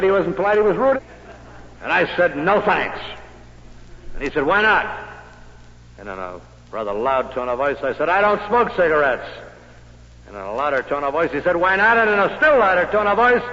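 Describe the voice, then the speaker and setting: An older sales executive giving a speech to an audience, telling a story with dry humor and loud emphatic peaks. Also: male voice, fairly high pitch, a little hiss or hum. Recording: muffled old hall recording.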